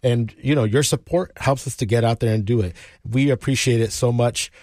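An enthusiastic, chatty man co-hosts a radio fundraiser from the studio. His voice sits at a middle pitch, and the sound is dry and close. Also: brisk, a little mellow, no room sound. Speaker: public radio co-host. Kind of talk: fundraising appeal.

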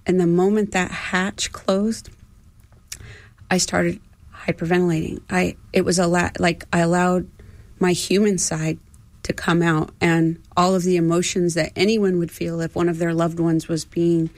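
A woman in her fifties tells her story in an earnest, emotional voice. She often stops and restarts. Her voice sits a little low, and the sound is dry and close. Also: flat delivery, unhurried, no room sound. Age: 50s. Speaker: astronaut crew trainer, guest. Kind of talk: reflective interview storytelling.

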